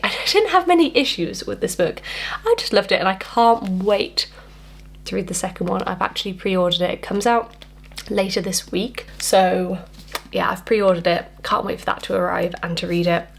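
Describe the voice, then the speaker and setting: A woman's voice: mid-range voice, vocal fry. A woman talking casually at home in a reading vlog, chatty and enthusiastic, rambling with fillers. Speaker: book vlogger.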